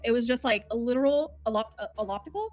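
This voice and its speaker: A woman's voice: fairly high pitch, fast talker, dry recording, faint music behind. A woman hosting a livestream from home, talking in a candid, rambling, emotional way. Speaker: livestream host. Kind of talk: casual livestream chat.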